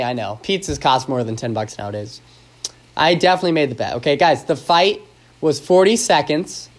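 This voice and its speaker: A man hosting his own podcast in a casual, rambling, joking chat, full of fillers and restarts. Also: on the high side. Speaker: podcast host.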